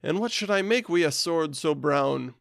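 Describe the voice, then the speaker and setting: Man playing a proud storybook harper, put-on scottish lilt, a touch high and gravelly. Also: lively intonation, normal speed, fairly bright tone, no echo, clean studio sound. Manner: rhythmic, declaiming verse. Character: proud fairy-touched male harper-knight, defiant.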